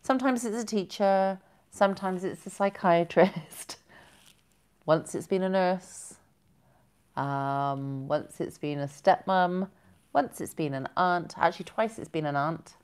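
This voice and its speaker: A woman's voice: on the low side, slow pace, a little mellow, clear, resonant tone. A woman hosting a casual live stream, chatting and giggling as she reads out viewer comments. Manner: chatty and giggly, rambling with self-corrections.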